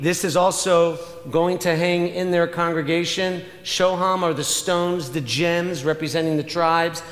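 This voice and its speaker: A man with a fairly high voice leads a synagogue service and eagerly calls people up. His words bounce around a large room with a long echo. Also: a bit bright. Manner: enthusiastic, rallying the crowd. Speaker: rabbi leading the service. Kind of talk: announcement at a service. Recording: echoey hall, long reverb.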